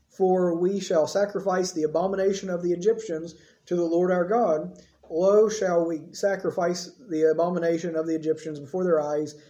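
A man's voice: sits high, mellow, roomy sound. A man reading scripture aloud and then explaining it in a sermon, in a casual, conversational way. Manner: reads verses, then explains them conversationally with asides. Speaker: preacher.

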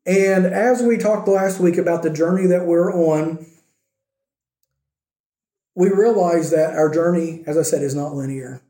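A man's voice: fairly high pitch, measured pace, pauses often, dark tone. Conversational preaching man, echoey room. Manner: conversational preaching, acting out quoted lines. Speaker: pastor. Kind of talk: sermon.

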